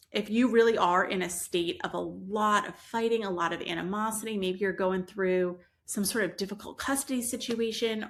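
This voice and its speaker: A woman giving parenting advice in a calm, explanatory solo talk, sometimes acting out what a parent might say. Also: medium pitch. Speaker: parenting educator.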